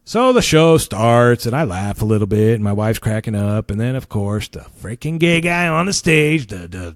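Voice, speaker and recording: Animated man ranting on a podcast. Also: fairly low pitch, normal speed, few pauses, dry recording, studio quality. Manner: animated, swearing, laughs at his own story. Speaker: podcast host. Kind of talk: casual ranting storytelling.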